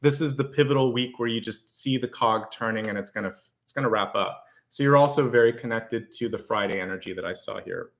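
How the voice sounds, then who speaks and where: A man walks his viewers through the week's tarot spread, one star sign after another. His voice sits at an ordinary middle pitch. He talks in a loose, conversational way, stopping to reword himself and steadily reassuring the listener. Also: brisk, fairly bright tone. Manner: reassuring, speaks directly to viewers; conversational, with fillers and restarts. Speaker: tarot reader. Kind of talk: weekly astrology and tarot reading.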